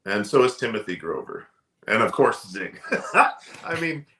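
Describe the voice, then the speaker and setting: A man's voice: on the low side, sing-song, measured pace, sharp tone. A middle-aged man, a sales trainer, talking casually in an interview with an emphatic, storytelling delivery.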